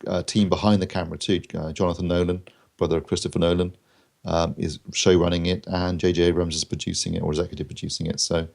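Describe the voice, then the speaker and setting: A man with a very deep, gravelly voice chats on a podcast. He talks quickly and enthusiastically, and his thoughts ramble along. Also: level tone, a little mellow. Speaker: podcast co-host, reviewer. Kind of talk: casual chat.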